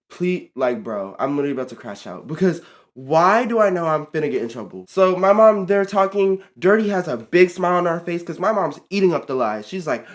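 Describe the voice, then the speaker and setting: A teenage guy with a slightly higher than usual voice tells a storytime vlog. He talks casually and gets worked up, leaning on fillers and repeating himself as he recounts things. It sounds like a vlog. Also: a little fast. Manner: animated, exasperated storytelling with many fillers. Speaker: vlogger.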